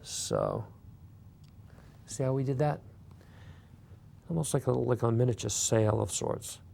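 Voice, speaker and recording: A man hosting a beginner clay sculpting tutorial, talking relaxed and casual while he works. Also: medium pitch, measured pace, vocal fry, slight background noise. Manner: relaxed, talks while working, many fillers. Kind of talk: step-by-step craft tutorial.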